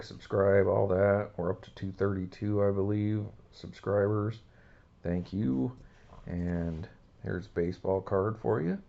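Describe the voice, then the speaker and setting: A man's voice: fairly low pitch, creaky, dark tone, lo-fi sound. A man hosting a casual card-opening video, talking in a rambling, laid-back way. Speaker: card-collecting channel host.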